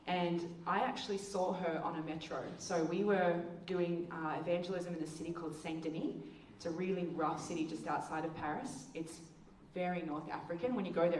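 A woman giving a testimony talk as a speaker, telling stories and acting out the quotes with big jumps in pitch. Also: moderate pace, few pauses, a little mellow, a little hiss or hum. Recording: echoey room, heard from a distance.

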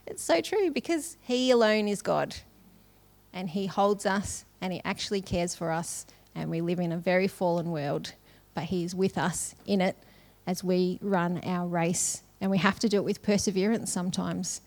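A woman's voice: fairly low pitch, moderate pace, darkish tone. A middle-aged woman giving a sermon in a casual, conversational way, often laughing between phrases. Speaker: conference speaker.

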